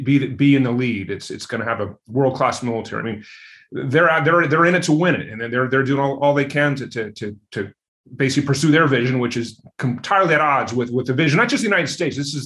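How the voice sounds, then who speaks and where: Fast-talking male interview guest. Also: medium pitch, fairly bright tone. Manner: quick, with many fillers and repeated words. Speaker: interview guest, security expert. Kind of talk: interview answers.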